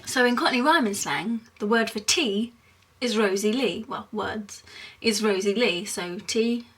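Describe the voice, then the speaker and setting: A young woman from Essex with an Essex accent, chatting casually in a rambling vlog, giggling often and filling pauses with lots of ums. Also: medium pitch, fairly bright tone, distant mic, a little hiss or hum. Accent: Essex English. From England (Essex).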